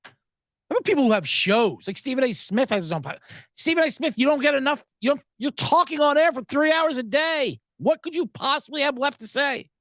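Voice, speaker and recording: A man's voice: very high-pitched, fairly quick, no room sound, clean studio sound. A man hosting a sports betting podcast, ranting sarcastically about line moves and celebrities, swearing often. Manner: animated, sarcastic, swears a lot. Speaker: podcast host. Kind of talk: profane sports betting rant.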